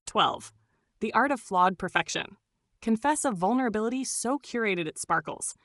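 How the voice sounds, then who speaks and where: A woman's voice: fairly high pitch, expressive, moderate pace, fairly bright tone, dry recording, studio quality. A woman reading scripted narration in a gushing, doting way, full of pet names.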